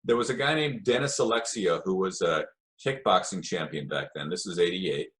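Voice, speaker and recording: A man's voice: low-pitched, normal speed. Older man telling rambling stories. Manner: rambling anecdotes with acted quotes. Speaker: guest. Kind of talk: casual storytelling interview.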